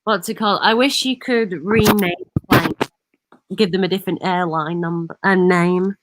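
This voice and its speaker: A woman's voice: lowish voice, steady tone, normal speed, very noisy. A woman joining a stream call, bantering playfully and acting indignant. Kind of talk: casual goofy stream chat.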